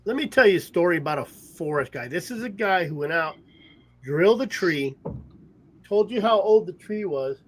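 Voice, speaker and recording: A man's voice: sits high, expressive, normal speed. A man hosting a podcast, telling rambling stories in casual chat and laughing often. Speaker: podcast host. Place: at home in a trailer.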